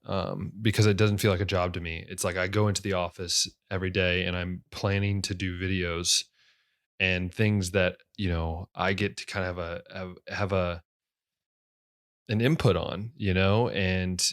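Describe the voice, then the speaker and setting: A young man hosting his own podcast, talking casually in a low radio voice, rambling with many fillers and restarts. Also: little pitch movement, normal speed, a bit bright. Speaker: podcast host. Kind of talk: casual solo podcast talk.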